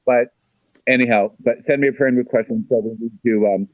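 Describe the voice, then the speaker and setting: A man's voice: medium pitch, steady tone, fairly quick, no echo, phone-quality sound. A man giving a psychic reading in a casual way, repeating himself and often checking in with "okay?". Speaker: psychic guest.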